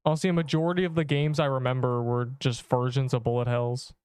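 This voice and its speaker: A young man streaming a game, chatting loosely and reading viewer messages aloud between rambling thoughts. His voice sits at an ordinary male pitch and comes through smooth and clear. The sound is close and dry, with no room around it. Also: little pitch movement, fast, a little mellow, no room sound. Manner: rambling, filler-heavy, reads chat aloud. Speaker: livestreamer. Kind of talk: casual livestream chat while gaming.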